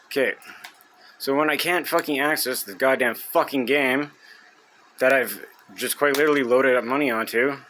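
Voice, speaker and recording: A young man rants furiously to camera, swearing nonstop and breaking into loud outbursts. His voice sits at an ordinary middle pitch. A faint ambient hum sits in the background. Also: moderate pace. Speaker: gamer venting on video. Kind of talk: angry rant to camera.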